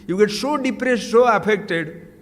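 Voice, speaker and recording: A man's voice: sits high, expressive, measured pace. A man giving a spiritual discourse as a teacher, emphatic and full of rhetorical questions. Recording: long hall reverb.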